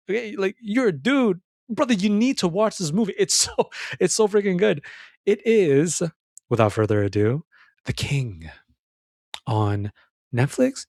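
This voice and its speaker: A man's voice: sits high, no room sound, studio quality. A young adult man hosting a casual film talk for men, rambling and calling the listener brother. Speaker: men's self-help film commentator. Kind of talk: casual monologue about a film.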